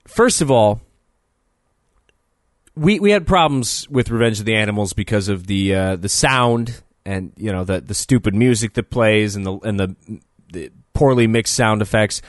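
A man's voice: on the low side, a little slow, pauses often, no echo, studio quality. A man co-hosting a podcast, talking casually and profanely with an exasperated tone as he reviews a film, laughing often. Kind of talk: casual comedic chat.

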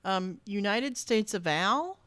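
A woman's voice: mid-range voice, lively intonation, slow, a bit bright, dry recording. Easygoing woman co-host chatting. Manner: easygoing, reads out lists with hesitant fillers. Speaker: podcast co-host. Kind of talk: casual chat.

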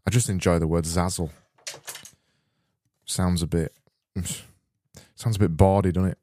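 Low-voiced man rambling comically. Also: a little mellow. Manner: rambling, self-interrupting, joking. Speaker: podcast host. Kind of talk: comic podcast banter and spoof advert.

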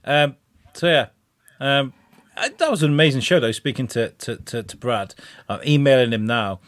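A man hosting a podcast, telling rambling, sweary, animated stories. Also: medium pitch, normal speed, dry recording. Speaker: podcast host. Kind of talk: casual chat.

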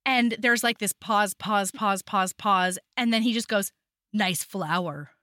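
A woman's voice: medium pitch, fairly even intonation, unhurried, bright, forceful tone, dry recording, clean studio sound. A woman co-hosting a casual book podcast, gushing enthusiastically as she recaps a romance novel. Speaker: podcast co-host.

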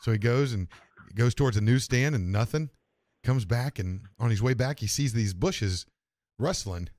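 A man hosting a casual podcast, telling jokes in a halting way and repeating words as he goes. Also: medium pitch, a little mellow, no echo, clean studio sound. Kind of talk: casual chat, joke telling.

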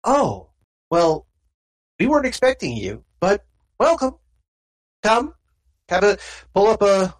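A nonchalant man guarding a strange book speaks in a calm, soothing, cryptic way in a tabletop game, as the game master puts him on. His voice is pitched up and a little husky. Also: takes it slowly, long pauses, heavily acted, rough recording. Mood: welcoming.

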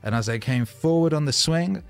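A man's voice: fairly high pitch, animated, moderate pace, gravelly. A man, a rapper, telling rambling, self-mocking stories in a casual monologue, loose with fillers and swearing.

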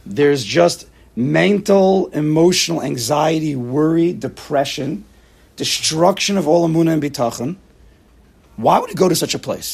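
A man leading an informal Torah class, talking in a rhetorical, animated way and using Hebrew and Yiddish terms. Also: on the high side, moderate pace, creaky, husky.

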